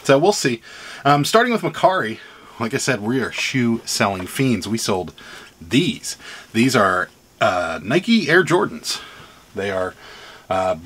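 A man's voice: medium pitch, sing-song, measured pace, a bit bright. A man with a Pittsburgh accent chatting casually on his vlog about items he has sold, rambling with lots of ums and laughing now and then. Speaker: reseller vlogger.

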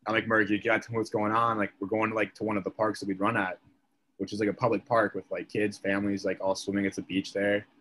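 A man's voice: fairly low pitch, flat delivery, fast, fairly bright tone, a little hiss or hum. A young man, a podcast guest, telling a story in casual chat, leaning on "like" as a filler. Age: young adult. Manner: chatty, filler-heavy, leans on "like".

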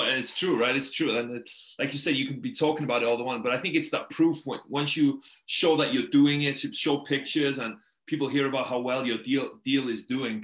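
A man's voice: mid-range voice, a bit bright. Podcast host man in an echoey room. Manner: agreeing, conversational follow-up. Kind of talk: casual interview chat.

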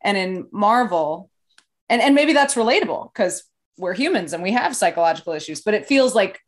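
A woman's voice: mid-range voice, lively intonation, brisk. A woman co-hosting a podcast, chatting casually and thoughtfully, laughing lightly between her points.

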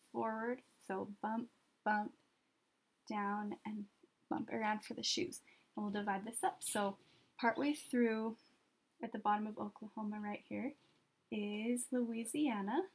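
A woman teaching children an art lesson step by step, patient and gently encouraging, often pausing as she draws. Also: a little high, husky.

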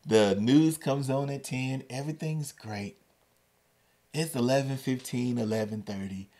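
A man hosting a storytelling podcast, telling a story with lively delivery and acting out the voices. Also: medium pitch, a little slow. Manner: animated, acts out the voices in his story. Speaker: podcast host and educator.

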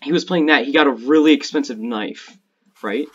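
A man cracks crude jokes and spins silly stories while he plays with a friend. His voice is husky and the recording sounds dull and lo-fi. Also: medium pitch, normal speed, fairly bright tone. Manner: joking, crude storytelling. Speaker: gamer playing with a friend. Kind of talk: casual gaming chat.

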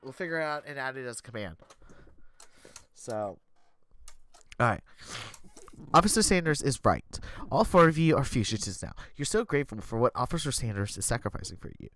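A man's voice: mid-range voice, fairly bright tone. A man streaming live, reading an interactive story game aloud with chatty, joking asides. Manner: chatty, laughs often, jokey asides.

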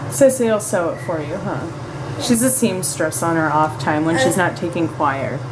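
A woman's voice: on the low side, normal speed, background noise. A middle-aged woman, a mom filming a family vlog, chatting playfully and teasing her kids. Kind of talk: casual family chat.

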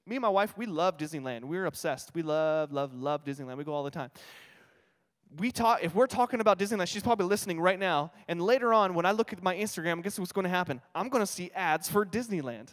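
A New Mexican man in his thirties preaches a chatty, self-deprecating sermon in a high voice. His words ring out with a long reverb in a church auditorium. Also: lively intonation, fast. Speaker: pastor. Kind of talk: conversational sermon.

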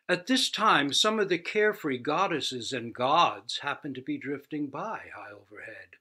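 A man who teaches Zen, telling a fable slowly and expressively. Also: fairly high pitch. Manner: slow, expressive storytelling. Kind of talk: storytelling talk.

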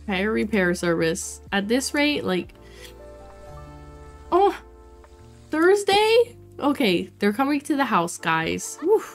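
A young woman streaming a life-sim game, chatting to her viewers in an excitable way with frequent exclamations and laughs. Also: medium pitch, slow, faint music behind. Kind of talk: casual let's play commentary.

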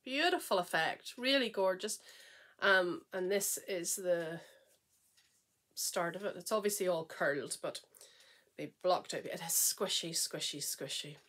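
Chatty woman showing off her knitting, bright clear voice, rambles and trails off, gushes a lot. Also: on the low side, unhurried. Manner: enthusiastic and gushing. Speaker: knitting podcast host. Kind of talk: casual chat showing knitting projects.

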